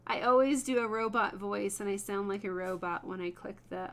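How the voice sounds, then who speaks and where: A woman's voice: mid-range voice, steady tone, moderate pace, a bit bright, slight background noise. A woman hosting a wood burning livestream, chatting casually with viewers by name and laughing often while she works.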